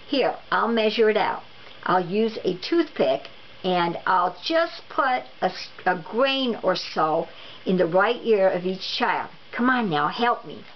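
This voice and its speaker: A woman voicing a slight, patient wife in a storybook read-aloud, calm, matter-of-fact and gently firm. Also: mid-range voice, takes it slowly. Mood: practical. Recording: dull lo-fi recording with faint noise.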